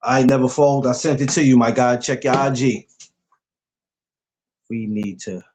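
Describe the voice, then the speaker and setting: A man's voice: mid-range voice, steady tone, measured pace, darkish tone, a little hiss or hum. A man hosting a casual podcast livestream, easygoing, laughing a lot and greeting viewers. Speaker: podcast host.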